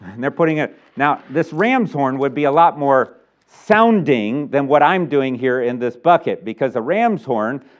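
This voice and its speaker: Animated man preaching a sermon. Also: mid-range voice, a little slow, lo-fi sound. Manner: animated preaching with sound effects and voiced asides. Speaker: pastor. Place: church.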